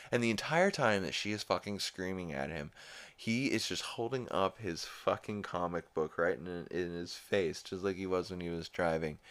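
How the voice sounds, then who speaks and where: A man's voice: sits low, fairly bright tone. A man hosting a podcast, recapping a cartoon episode in a rambling, profane, laid-back way. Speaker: podcast host.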